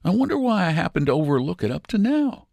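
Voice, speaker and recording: A man's voice: sits high, big pitch swings, quick pace, vocal fry, no echo, voice pushed up, full character voice. A man voicing a cold-blooded young male outlaw who speaks in a mild drawl, in a storybook reading. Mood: grim, brooding. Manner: soft drawling menace.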